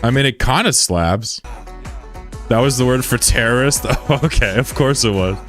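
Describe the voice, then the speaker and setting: A man's voice: mid-range voice, moderate pace, a bit bright, faint music behind. A young man chatting casually on a game livestream, joking and sarcastic in a rambling way. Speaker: game streamer.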